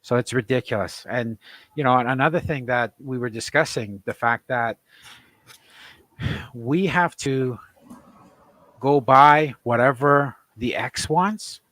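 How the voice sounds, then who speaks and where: A man's voice: medium pitch, measured pace, long pauses, a bit bright, no echo. Indignant father, emotional and defiant. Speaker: guest, separated father. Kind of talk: impassioned talk-show testimony.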